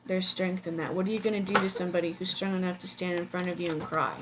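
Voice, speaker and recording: A woman's voice: fairly low pitch, steady tone, fast talker, noisy background. A woman giving a casual tarot reading, blunt and profane, chatty with many fillers. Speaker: tarot reader.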